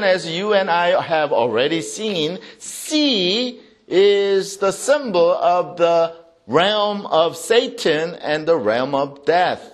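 Slow, animated man preaching a sermon. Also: high voice. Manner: swings between loud proclamation and soft asides; reads scripture aloud with emphasis. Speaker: pastor.

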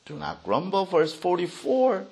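A male preacher delivers a sermon in a high, lively voice that rises and falls widely. He speaks slowly, telling the scripture story dramatically and reading verses aloud with expression. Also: slightly rough.

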